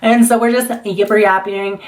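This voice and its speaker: A young woman talks straight to camera in a loose storytime vlog. Her pitch sits right in the middle, and her delivery is chatty and unfiltered, with casual swearing. She slips into the back-and-forth of the conversations she is retelling. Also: fairly even intonation, moderate pace. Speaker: vlogger.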